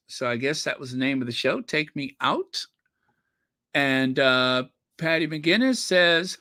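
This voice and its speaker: Male host, bright voice, unhurried rambling commentary, reads out comments. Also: a little high, dry recording, clean studio sound. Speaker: channel host. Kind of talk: casual commentary reading comments.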